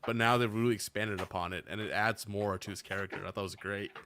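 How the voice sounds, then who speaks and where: A man chatting casually on a podcast, relaxed and a little hesitant. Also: on the low side, quick pace. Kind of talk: casual chat.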